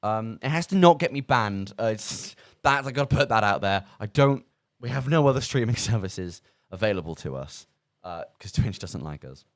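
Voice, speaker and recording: A man's voice: lowish voice, big pitch swings, moderate pace, dry recording. A man hosting a live charity radio stream, rambling and self-mocking with lots of fillers, talking into a studio microphone in a small studio. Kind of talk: casual live radio chat.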